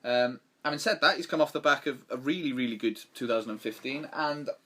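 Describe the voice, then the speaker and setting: A man's voice: medium pitch, brisk, bright, forceful tone. A man co-hosting a casual sports chat podcast, talking in a rambling way with many restarts. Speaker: podcast co-host.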